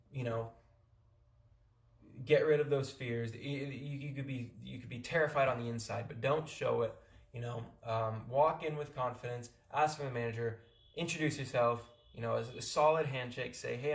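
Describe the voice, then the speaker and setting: A young Californian man, a vlogger, gives casual, rambling advice full of restarts and fillers. His voice is medium-pitched and the room sounds echoey.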